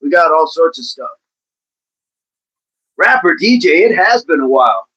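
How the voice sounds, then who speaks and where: A man hosting a fitness livestream in a casual, upbeat way, chatting and giving playful shout-outs to viewers by name. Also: a little high, sing-song, unhurried, breathy edge, lo-fi sound. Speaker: livestream host of a fitness channel. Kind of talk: casual livestream chat, reading out viewer comments.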